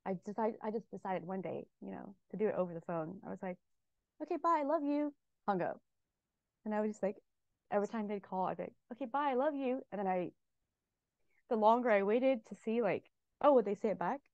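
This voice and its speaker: A woman's voice: medium pitch, quick pace, vocal fry, mellow, dry recording. A woman sharing a personal story at a book club, talking casually with lots of fillers. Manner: rambling, many fillers, emotional. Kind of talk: casual sharing in a group discussion. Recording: muffled lo-fi audio.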